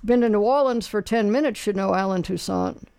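Man, radio call-in host, gravelly rasp, loose folksy rambling delivery. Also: high voice, a little fast, a little mellow. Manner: rambling, folksy, lots of fillers and restarts. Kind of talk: casual call-in chat, radio trivia quiz.

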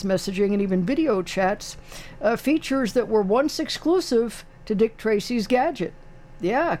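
A man's voice: high voice, darkish tone. An older man hosting a radio call-in show, chatting casually in a wry, rambling way with many fillers. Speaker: radio talk show host. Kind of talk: casual chat.

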